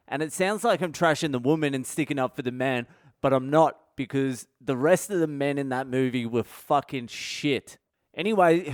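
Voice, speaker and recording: Foul-mouthed man, crisp close voice. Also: mid-range voice, no room sound. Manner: heavy swearing, rambling and candid. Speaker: podcast host. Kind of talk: comedic storytelling monologue.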